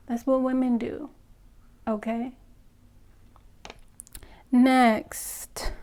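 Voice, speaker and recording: Her voice sits on the high side and sounds a little mellow. Addressing viewers directly on camera, she shares frank relationship opinions in an emphatic, straightforward way, peppering her speech with "okay?" and "you know?"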